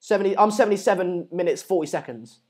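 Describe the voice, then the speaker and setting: Rambling host, higher voice. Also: male voice, quick pace, darkish tone, slightly rough. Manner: rambling, repeats words and phrases. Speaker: host of a live football watchalong stream. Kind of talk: casual live chat reading viewer comments.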